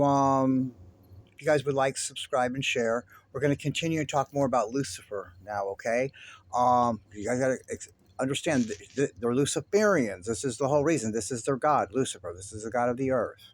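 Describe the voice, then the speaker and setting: A man hosting his own online commentary, talking in an agitated, halting way with many restarts and swearing. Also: mid-range voice, no echo. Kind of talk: rambling religious commentary.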